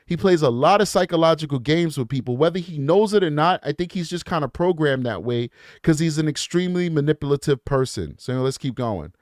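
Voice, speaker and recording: This is a man hosting a true crime show, his voice sitting a little higher than most men's. He reads letters aloud and keeps stopping to add blunt, emphatic remarks to his audience. The sound is dry and close, with almost no room around it. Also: lively intonation, a little fast, few pauses, no room sound. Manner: blunt, emphatic, scornful asides; talks straight to his viewers. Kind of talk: reading emails aloud with commentary.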